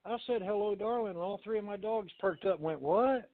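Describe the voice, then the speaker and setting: A man's voice: high-pitched, fast. A man guesting on a talk radio show by phone, joking in a folksy, profane way. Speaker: guest medium. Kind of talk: casual talk radio chat. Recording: tinny phone-line audio.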